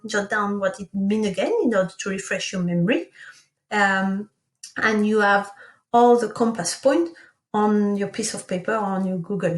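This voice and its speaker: Lady teacher, talks real slow, spells out sentences carefully, roomy echo. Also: medium pitch. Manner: slow, careful enunciation of French model sentences. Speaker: French teacher. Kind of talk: recorded remote language lesson. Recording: echoey room.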